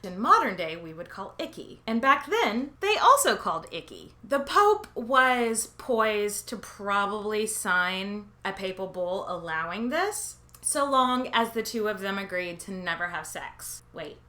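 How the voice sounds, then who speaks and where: A woman hosts a history podcast in a bright, lively voice that leaps up and down in pitch. She delivers a scripted comic monologue full of sarcasm and swearing. She often breaks into dramatic asides and silly quoted voices. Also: measured pace, hardly any pauses. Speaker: podcast host.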